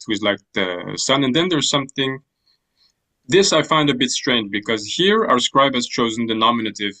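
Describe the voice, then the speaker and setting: A man's voice: fairly low pitch, pushed and bright, low-quality recording. Thoughtful male grammar teacher on a call. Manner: thoughtful, hesitant, many restarts. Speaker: language teacher. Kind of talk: online class explaining ancient Greek grammar.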